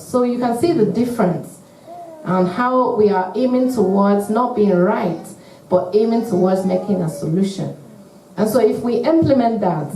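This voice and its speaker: A woman giving an earnest, measured talk to couples at a church, acting out sample phrases as she teaches. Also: medium pitch, dark tone, slight background noise. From United Kingdom. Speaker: church marriage speaker. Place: church hall. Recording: echoey hall, mic at a distance.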